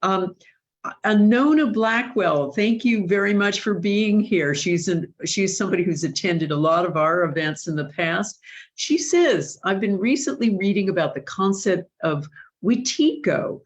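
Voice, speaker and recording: A woman's voice: medium pitch, unhurried, highs cut off. A woman hosting an online question-and-answer session, speaking in an earnest, thoughtful way with frequent restarts. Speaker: host. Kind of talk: live online Q&A discussion.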